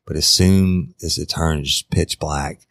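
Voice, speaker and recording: A man's voice: extremely low pitch, fairly even intonation, takes it slowly, a bit bright, no room sound. A man telling a true crime story in a casual, conversational way, addressing his listeners directly.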